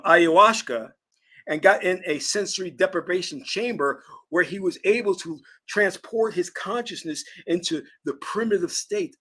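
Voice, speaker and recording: A husky man from Virginia lectures on a livestream in an emphatic, preaching way. His voice sits a little high for a man, and he stretches key words out slowly to stress them. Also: a bit bright. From Virginia, US South. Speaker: spiritual teacher and channel host. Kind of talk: lecturing livestream talk answering chat.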